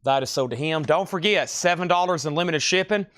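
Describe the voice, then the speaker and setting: A man with a rural American country accent, hosting a live-stream record sale and calling out titles and prices in brisk patter with dry, joking asides. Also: a little high, fairly bright tone, no echo. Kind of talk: live auction sales patter.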